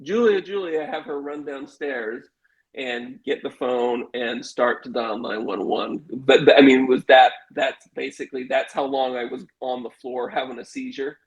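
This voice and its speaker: A middle-aged man telling a wild personal story in casual conversation, animated and acting out the voices of the people in it. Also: medium pitch, moderate pace, rough recording. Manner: animated, swearing, acts out quoted voices. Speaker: guest telling a life story.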